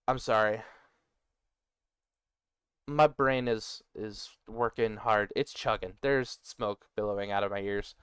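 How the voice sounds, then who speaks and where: A man building a made-up language, thinking aloud as he works and reading notes aloud in quick bursts, muttering and poking fun at himself. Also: fairly low pitch, steady tone, fairly bright tone, clear, resonant tone, no echo, studio quality. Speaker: worldbuilder designing a conlang. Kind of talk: thinking aloud while working on screen.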